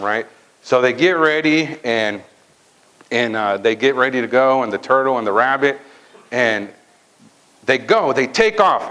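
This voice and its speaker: A man giving a motivational talk at a sales training event, telling a fable in a lively way and often checking in with the audience. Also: medium pitch, moderate pace, poor audio. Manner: lively storytelling, checks in with "right?" and "okay?".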